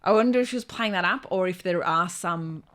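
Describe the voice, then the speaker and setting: A woman's voice: lowish voice, fairly quick, fairly bright tone. A woman with an Australian accent, a comedian guest chatting casually and acting out voices in her stories. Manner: curious, imitates voices in anecdotes. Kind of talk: casual chat.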